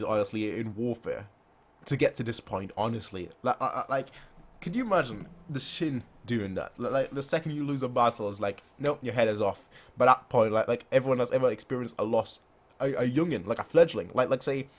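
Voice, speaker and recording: A man reacts to a manga chapter in casual, rambling commentary, often stacking filler words. His voice sits at an ordinary middle pitch. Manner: rambling, repeats "like", excitable.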